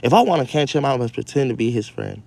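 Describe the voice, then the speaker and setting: A man's voice: mid-range voice, expressive, fast talker, creaky, a little mellow, no room sound. A man voicing a sly, scheming wolf who pretends to be friendly while reading a storybook aloud to kids. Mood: coaxing.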